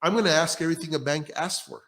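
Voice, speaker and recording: A man's voice: fairly high pitch, fast talker, fairly bright tone. Podcast host, male, blunt and foul-mouthed, acts out quotes in his stories. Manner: blunt storyteller who acts out quoted people. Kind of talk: casual profane podcast talk.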